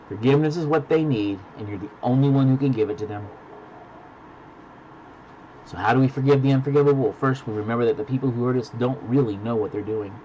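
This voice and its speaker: Male pastor, average pitch, emphatic sermon delivery, faint background hiss. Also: dull audio. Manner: emphatic preaching, dropping to hushed lines then rising to shouts. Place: virtual church service.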